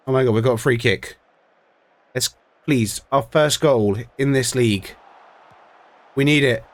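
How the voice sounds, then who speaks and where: A man's voice: mid-range voice, measured pace, long pauses. A man giving ranting, sweary commentary on a football management game, exasperated with his team. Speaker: streamer.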